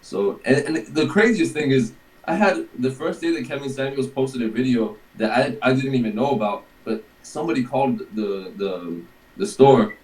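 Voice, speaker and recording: A man's voice: medium pitch, expressive, normal speed, darkish tone, echoey room, rough recording. A man in casual chat, telling a rambling story and acting out other people's quotes, with a lot of swearing. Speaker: guest telling a workplace story.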